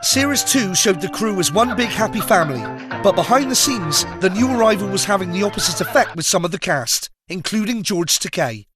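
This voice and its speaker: A male TV presenter hosting and narrating a comic documentary, excitable and given to whooping shouts. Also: high-pitched, brisk. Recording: narration over loud music.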